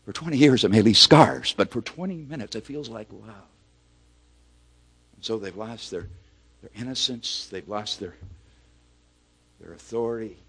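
Middle-aged male preacher delivering a sermon, ranges from quiet and low to loud, ringing emphasis. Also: husky. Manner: swings from hushed to loud, building emphatic climaxes.

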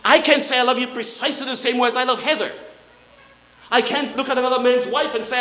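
An older man preaching a sermon as a pastor, earnest and then dropping to soft, awed tones. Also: very high-pitched, fast. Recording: roomy hall echo.

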